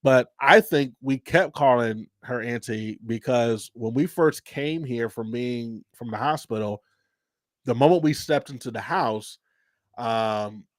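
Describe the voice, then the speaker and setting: A man's voice: medium pitch, measured pace, no echo, clean studio sound. A man hosting an unscripted livestream chat, rambling loosely and laughing often. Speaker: host.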